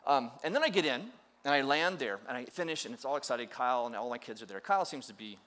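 A man's voice: medium pitch, fast talker, pushed and bright. A middle-aged man preaching a sermon, telling stories with playful acted-out quotes and self-deprecating humor. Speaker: pastor.

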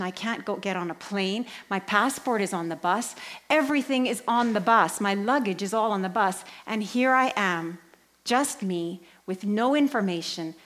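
A woman's voice: medium pitch, moderate pace, close to an everyday voice. A woman quoting a frightened, lost traveler. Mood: despairing. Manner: quiet, despairing.

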